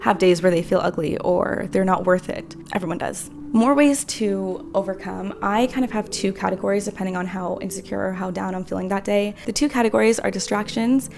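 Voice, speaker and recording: Fast-talking young woman with a gravelly edge. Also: medium pitch, a little mellow, slight background noise. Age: 20s. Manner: rambling, earnest, full of fillers. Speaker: vlogger. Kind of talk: casual talk to camera.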